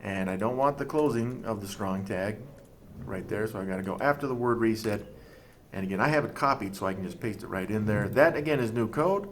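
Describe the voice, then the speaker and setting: A man teaching a coding class over a screen recording, talking through each step in a relaxed, thinking-aloud way. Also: lowish voice, a little fast, a little hiss or hum.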